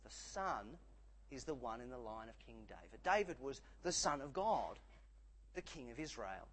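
A man preaching a sermon, emphatic, dropping low and rising again for effect. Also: sing-song, moderate pace, husky, low-quality recording.

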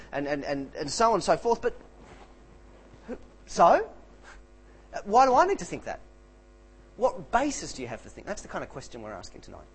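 A man's voice: medium pitch, a little hiss or hum. A middle-aged Australian man, an evangelist, giving a talk full of anecdotes and acting out the voices of people he quotes. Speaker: evangelist preacher.

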